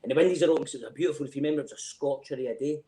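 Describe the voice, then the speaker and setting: Man, Scottish accent, middle-aged, rapid talk, echoey room, rambling, sweary. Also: fairly high pitch, warm tone, slight background noise. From Scotland. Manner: rambling storyteller, swears freely, frequent "do you know what I mean". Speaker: podcast guest. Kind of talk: casual chat.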